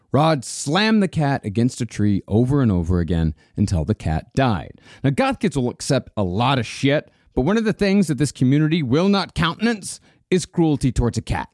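Animated storytelling man, lively pitch. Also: no echo, clean studio sound. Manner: animated, swears freely, laughs often. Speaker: podcast co-host narrating a story. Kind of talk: casual storytelling chat, profane.

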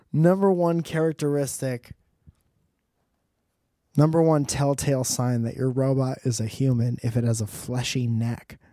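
A man's voice: mid-range voice, fairly even intonation, measured pace, long pauses, warm tone, dry recording, clean studio sound. A man doing a rambling, profane comedic monologue with joking asides.

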